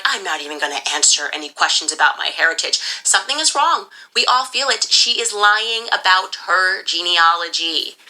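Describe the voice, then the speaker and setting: An emphatic woman rants in a rapid, insistent monologue. Her voice sits low and pushes forward with a sharp, forceful edge. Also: poor audio. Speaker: podcast commentator. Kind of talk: opinionated monologue.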